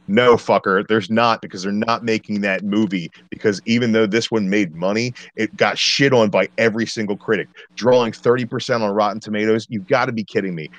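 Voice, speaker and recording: A man with a very deep, low-pitched voice ranting through a movie review, blunt, exasperated and profane. The sound is dry and close, with no room around it. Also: steady tone, a little fast, few pauses, dry recording, highs cut off. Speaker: podcast co-host.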